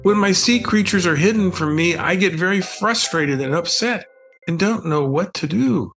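A man's voice: sits high, moderate pace, vocal fry, fairly bright tone, soft background music, voice pushed up. An older man reading the lines of a frustrated, upset little boy in a children's story. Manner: plaintive, upset.

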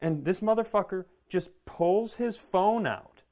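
Brief: male comedy podcast co-host, slightly raised pitch, lively storyteller who acts out both sides. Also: a little slow.

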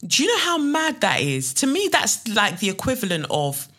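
A woman's voice: fairly high pitch, huge pitch swings, normal speed, a bit bright, slightly rough. A woman hosting a casual solo podcast, talking bluntly and sarcastically and swearing freely. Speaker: podcast host.

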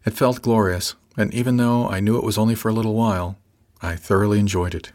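Low-voiced man narrating an audiobook. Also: fairly even intonation, fast. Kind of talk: first-person audiobook narration.

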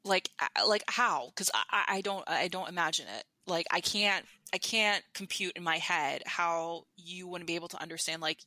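Chatty woman with a bright voice. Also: on the low side, normal speed, dry recording. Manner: chatty, many fillers and restarts. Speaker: podcast guest. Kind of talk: candid storytelling.

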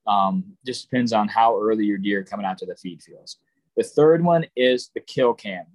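A man's voice: medium pitch, a little mellow, dry recording, low-quality recording. A man giving a casual, plain-spoken lesson on deer hunting, with frequent ums and restarts. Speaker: hunting instructor. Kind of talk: casual instructional talk.

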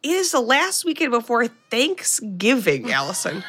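A woman's voice: a little high, huge pitch swings, normal speed, few pauses, very noisy. A woman co-hosting a comedic podcast, animatedly retelling a movie's scenes and laughing at them. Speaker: podcast co-host. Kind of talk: casual comedic movie recap.

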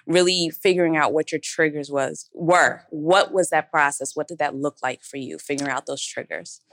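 A woman's voice: deep voice, moderate pace, a bit bright, dry recording, studio quality. Hesitant woman asking a question. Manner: hesitant, with frequent ums. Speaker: audience member asking a question.

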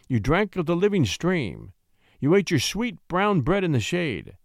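A man voicing a weary, brooding king in a classic story, speaking slowly and heavily. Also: fairly high pitch, no room sound, clean studio sound, pitched above the performer's own voice. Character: grave middle-aged king, weary and brooding.

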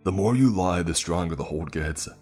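A man's voice: low voice, expressive, normal speed, a little mellow, faint music behind. A man doing a sarcastic eyeless forest creature. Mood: mocking. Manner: sarcastic, feigned concern. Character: eyeless male forest creature, mocking interrogator.

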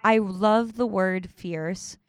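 A woman hosting a casual conversation, speaking reflectively and often pausing to find the right words. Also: mid-range voice, fairly even intonation, clean tone, dry recording.

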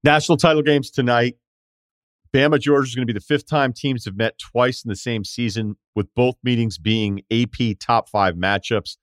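A man's voice: medium pitch, fairly even intonation, normal speed, no room sound. A man hosting a sports podcast, reading out stats and teasing his guest in a dry way. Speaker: podcast host.

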